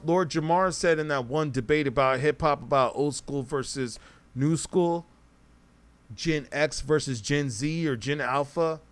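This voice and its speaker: A man hosting a casual livestream podcast, talking straight to his chat in a rambling, self-correcting way. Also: on the high side. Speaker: podcast host reading live chat.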